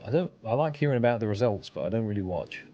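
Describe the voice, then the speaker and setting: A man's voice: fairly low pitch, expressive, fast, dark tone, highs cut off. A man streaming a game, chatting casually and answering his chat while he plays.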